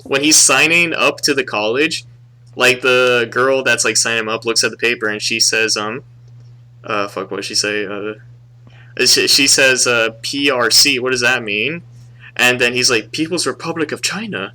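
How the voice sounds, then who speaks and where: A young man co-hosting a casual podcast, his voice bright and forceful. He talks in an animated way, swears often and jumps into high-pitched impressions of characters. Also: moderate pace. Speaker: podcast co-host. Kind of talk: casual movie review chat.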